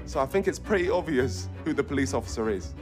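A man's voice: mid-range voice, expressive, quick pace, music in the background. A man hosting a group guessing game with casual, teasing banter. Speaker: game host.

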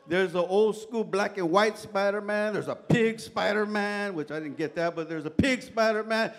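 Middle-aged male pastor with a high voice, preaching through loose, chatty personal anecdotes. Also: moderate pace. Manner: casual, colloquial storytelling with frequent "man" and "right?". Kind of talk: sermon with humorous personal stories. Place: church sanctuary.

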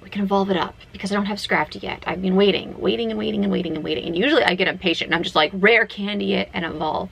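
A woman casually vlogging while she plays a phone game at home, chatty and excitable, talking to herself as she goes. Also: medium pitch, a little fast, gravelly, poor audio. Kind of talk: casual gaming vlog.

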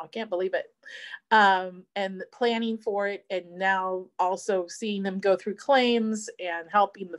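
A middle-aged woman, an insurance advisor giving a seminar talk and telling a family story in a chatty way. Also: mid-range voice. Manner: chatty storyteller, quotes family in lively voices.

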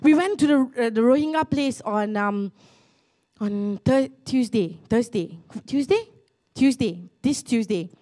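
A young woman pastor tells a testimony in a sermon, earnestly, with many restarts and rising excitement. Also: fairly high pitch, measured pace.

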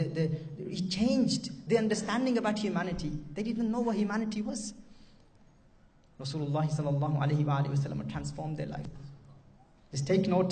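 Male preacher, impassioned, repetitive sermon delivery, fairly high mellow voice, distant mic. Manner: impassioned, repeats phrases, Arabic devotional phrases. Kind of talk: emotional sermon storytelling.

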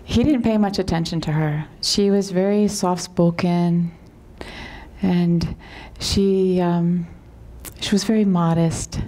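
A woman yoga teacher telling a parable in a calm, unhurried way, sometimes dropping to a whisper and often asking "right?". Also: fairly low pitch.

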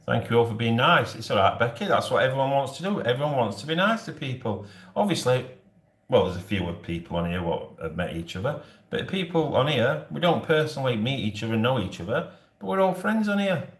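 A man's voice: medium pitch, big pitch swings, fairly quick. Jokey Yorkshire man chatting live. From Yorkshire, England. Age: 40s. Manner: jokey and rambling, often laughing. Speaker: live-stream host. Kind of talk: casual live-stream chat to viewers. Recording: roomy echo.

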